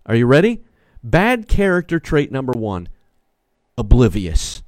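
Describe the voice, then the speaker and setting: A man's voice: a little high, very animated, moderate pace, no echo. A man preaching a sermon as pastor from a small studio, emphatic and repetitive, often calling out to his listeners. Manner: emphatic, repeats key phrases, calls on listeners.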